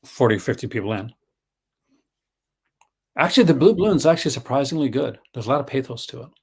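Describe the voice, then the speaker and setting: A man from Newfoundland, whose accent mixes Canadian and Newfoundland, hosts a casual livestream chat. His medium-pitched voice is fast, creaky, husky, and a little mellow, with lively intonation, and he laughs often while retelling stories in different voices.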